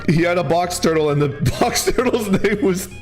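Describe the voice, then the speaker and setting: A man's voice: sits high, moderate pace, soft background music. A man streaming as a VTuber, telling a story in casual chat, laughing often and peppering his talk with "like" and "right?". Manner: animated, laughs often while talking; full of fillers like "like" and "right?".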